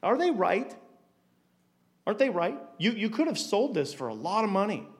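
Guy with a slightly higher voice teaching bible stuff, chatty, repeats himself, lots of questions to the room. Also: sing-song, normal speed. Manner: conversational, stumbles and repeats words, asks rhetorical questions.

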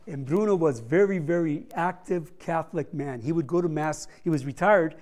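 Slightly high-voiced male missionary storyteller. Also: moderate pace, darkish tone. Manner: conversational storytelling with humorous asides. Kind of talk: missions report to a church congregation.

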